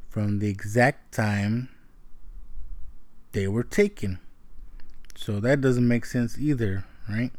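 A man's voice: mid-range voice, darkish tone, no room sound. A man giving a casual, rambling movie review, often tagging his points with "right?" and swearing freely.

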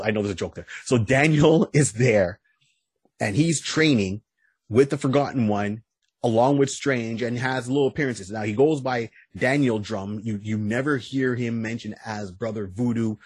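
Casting note: male podcast host, low husky voice, dry close sound, chatty stammering storyteller. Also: dry recording. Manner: stammering restarts, frequent "you know"; lively storytelling retelling. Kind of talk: casual podcast chat, recapping a comic.

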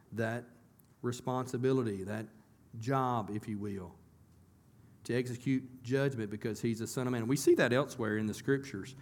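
Man, pastor, church sermon, middle pitch, conversational, asks the congregation questions, repeats words when restarting. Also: darkish tone.

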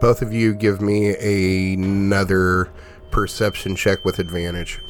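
A man narrating a tabletop game as game master, relaxed and full of fillers. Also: sits low, measured pace, noisy background. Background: music.

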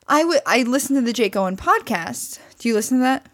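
Her voice a little high, expressive, and fast, a woman co-hosts a podcast in casual chat. She laughs often and acts out what people said.

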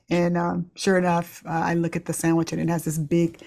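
A woman's voice: fairly low pitch, monotone, brisk, vocal fry. A middle-aged woman, a pediatrician, candidly telling a personal story with laughs and restarts. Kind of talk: reflective storytelling.

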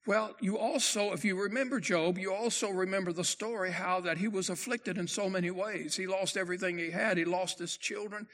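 A male pastor preaching in a high, bright voice. He stresses his points with emphasis and slows right down, rising in pitch, whenever he quotes scripture. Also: fairly even intonation. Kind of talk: sermon.

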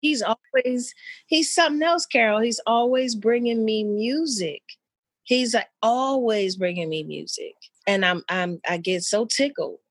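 A woman's voice: fairly high pitch, a little slow, no echo. Chatty woman with a dry, close sound. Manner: chatty, loose and rambling with many fillers. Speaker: mother of an eleven-year-old. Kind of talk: casual chat between old friends.

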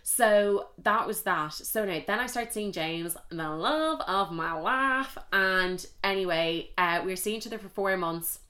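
Her voice sits at medium pitch, a bit bright, moving at a moderate pace with few pauses. She is a young Irish podcast host who swears freely while telling chatty, candid personal stories in a casual confessional style.

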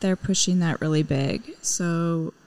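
A woman's voice: on the low side, a little slow, darkish tone. A woman in her thirties co-hosting a casual podcast chat, rambling and laughing easily. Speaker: podcast co-host.

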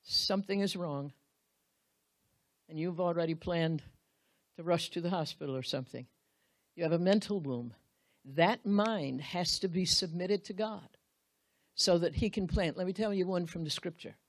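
A woman preaching a sermon, with drawn-out, emphatic phrases and wide swings in pitch and loudness.

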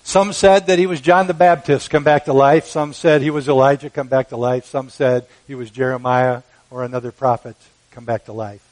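A man preaching a sermon, measured and emphatic, with dramatic pauses. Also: mid-range voice, fairly even intonation, darkish tone, poor audio. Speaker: pastor.

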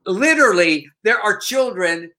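A man co-hosting a podcast, retelling a news story in lively casual chat with mock quotes. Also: high voice, a little slow. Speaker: podcast co-host.

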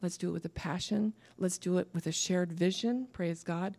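A woman preaching a sermon to a church, lively and laughing at her own asides. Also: on the low side, normal speed.

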